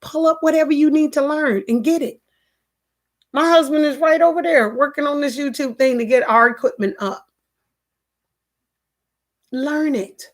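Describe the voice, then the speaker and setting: High-voiced woman telling a personal story. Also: moderate pace, long pauses. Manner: earnest, repetitive, restarts often. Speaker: live-stream host reading viewer comments. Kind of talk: emotional personal storytelling to a live chat.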